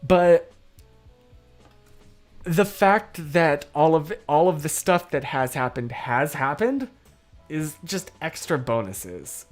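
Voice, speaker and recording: A man's voice: a little high, lively intonation, slow, pauses often, faint music behind. A man hosting a livestream in casual, earnest chat that rambles along with restarts. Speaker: livestream host.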